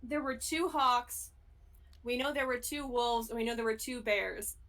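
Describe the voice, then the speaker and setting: A woman's voice: fairly high pitch, measured pace, fairly bright tone. A woman playing a tabletop game who carefully recaps and reasons things through. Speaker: player. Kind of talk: casual tabletop play.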